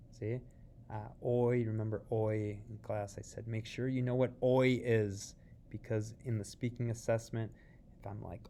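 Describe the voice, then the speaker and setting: A man teaching Spanish, slowly reviewing vocabulary aloud for his students in a casual, joking way. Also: on the low side, fairly even intonation, warm tone, slight background noise. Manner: slow and patient, models words aloud for learners; casual and jokey, checks in with "see?". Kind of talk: recorded class review lesson.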